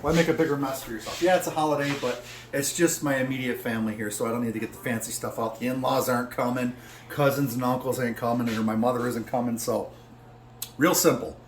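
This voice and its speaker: A middle-aged man talks through his cooking in a casual home vlog, brash and boastful, full of jokes. His voice sits at an ordinary pitch, and faint kitchen clatter and noise run under it. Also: steady tone, fast talker. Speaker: home cook vlogger.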